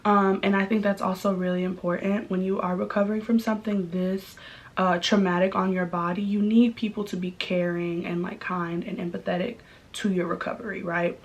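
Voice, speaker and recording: A young woman talks straight to her audience in a casual vlog, chatty and candid. Her voice sits at an ordinary middle pitch, and she keeps an easy storytelling flow, scattered with likes and ums. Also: flat delivery, a little fast, lo-fi sound. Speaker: vlogger.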